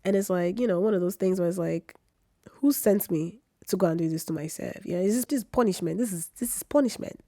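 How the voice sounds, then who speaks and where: A young woman talks straight to her camera in a candid personal vlog, emphatic and full of slangy asides, circling back on her own words. Her voice sits fairly low for a woman. The room sound is dry and close. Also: a little fast, no room sound. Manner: expressive, emphatic, repeats herself, slangy asides. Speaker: vlogger. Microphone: camera mic.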